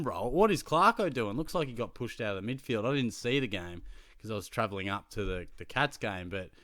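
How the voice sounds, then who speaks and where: An Australian man chatting casually as a fantasy football vlogger, telling stories in an animated way and laughing often. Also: lowish voice, no room sound, studio quality. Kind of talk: casual chat.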